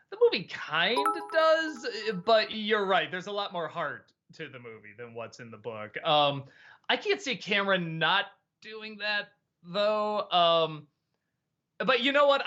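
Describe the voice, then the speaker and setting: A man's voice: high-pitched, bright, forceful tone, muffled recording. A man hosting a casual live-stream chat, stammering a little and laughing often. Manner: chatty, stammering, quick laughs. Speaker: host.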